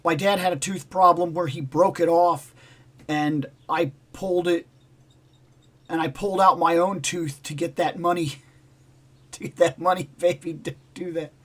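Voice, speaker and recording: A man's voice: a little high, fairly even intonation, unhurried, fairly bright tone. A man hosting a livestream, telling a rambling personal story in casual chat and acting out the voices in it. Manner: rambling, repeats himself, acts out dialogue. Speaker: livestream host.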